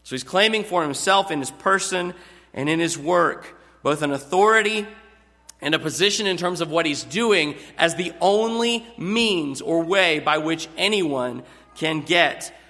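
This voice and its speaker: A man preaches a sermon in a high, bright voice. He explains earnestly and drags out the words he wants to stress. His voice rings with long reverb from a big hall. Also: lively intonation. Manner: earnest expository preaching, drawn-out emphatic words.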